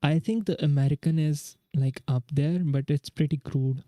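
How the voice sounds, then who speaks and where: A man's voice: fairly high pitch, steady tone, moderate pace, mellow, no room sound. A young man from India, streaming live and thinking aloud as he works through quiz questions in casual chat. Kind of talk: casual livestream chat while studying.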